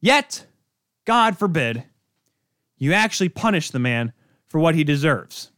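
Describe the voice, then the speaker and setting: A man's voice: fairly high pitch, very animated, a little slow, a bit bright, dry recording, studio quality. A man hosting a sports podcast, ranting in an exasperated, sarcastic way. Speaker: podcast host. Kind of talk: heated sports rant.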